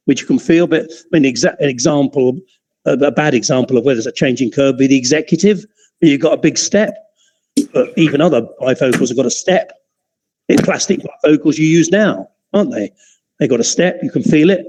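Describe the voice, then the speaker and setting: Chatty male lecturer, middle pitch. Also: fairly quick, darkish tone, low-quality recording. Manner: chatty and digressive, with frequent restarts and chuckles. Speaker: optics lecturer. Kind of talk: informal classroom teaching.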